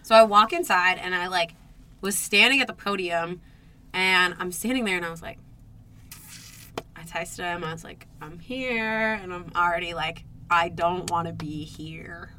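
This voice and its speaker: A young woman co-hosting a podcast, telling a dating story in casual chat, animated and swearing, acting out her own reactions. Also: fairly low pitch, moderate pace, long pauses, slight background noise. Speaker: podcast co-host.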